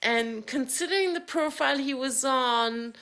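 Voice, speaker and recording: A woman from France talks slowly on a live stream call, her voice bright and a little high. She stops and repeats herself often and keeps apologizing. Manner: halting, repeats words, apologetic. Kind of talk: casual live-stream chat.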